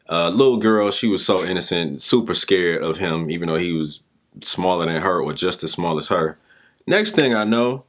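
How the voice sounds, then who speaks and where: A young adult man giving a motivational talk, telling a story in an animated, informal way. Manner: animated, informal, pitch jumps with emphasis. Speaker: speaker and mentor.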